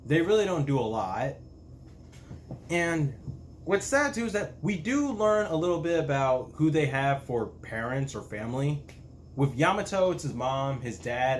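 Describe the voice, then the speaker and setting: Male YouTube reviewer, unhurried and hesitant, average pitch, light background noise. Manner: slow, halting, frequent restarts. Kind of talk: casual spoken review.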